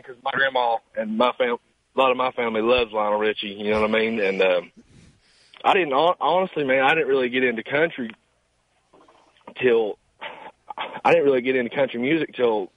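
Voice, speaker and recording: A nineteen-year-old man with a Southern Appalachian accent on a phone call, talking in a humble, halting way and saying "man" often. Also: medium pitch. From Eastern Kentucky mountains. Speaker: caller, singer guest. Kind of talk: casual phone interview. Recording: tinny phone line.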